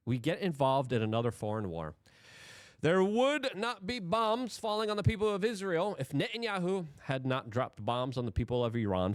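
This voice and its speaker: A man's voice: fairly high pitch, no room sound, studio quality. A man hosting political commentary, talking emphatically and firing off rhetorical questions.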